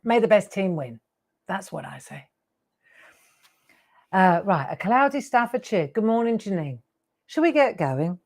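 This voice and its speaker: A woman's voice: mid-range voice, sing-song, a little slow, pauses often, a little mellow. A woman in her sixties hosting a live craft show, chatty and rambling with laughing asides. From England. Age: 60s. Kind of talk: live craft demo chat.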